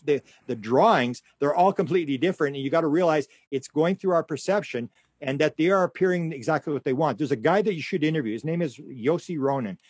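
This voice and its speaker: A middle-aged man, a guest in an interview, telling stories in a rambling, animated way and acting out the voices of the people he quotes. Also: a little high, fast talker, breathy edge, no echo, clean studio sound. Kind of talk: conversational storytelling.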